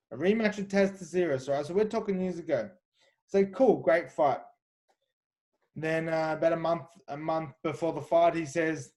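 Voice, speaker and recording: His voice sits a little high and a little mellow, moving at normal speed. The Australian kickboxer is chatty and self-assured as he relays fight tales in an animated interview, with plenty of fillers and false starts.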